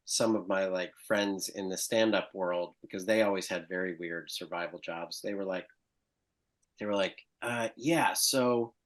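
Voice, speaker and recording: A man guest on a podcast, telling stories in casual conversation and acting out the voices of people he quotes. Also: fairly low pitch. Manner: animated storyteller, acts out quoted voices. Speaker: actor and stand-up guest.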